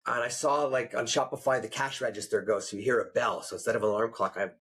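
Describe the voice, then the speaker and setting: A man hosting a podcast in casual chat, telling stories with lively acted-out quotes. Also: fairly low pitch, quick pace, breathy edge. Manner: animated storyteller, acts out quotes. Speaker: podcast host.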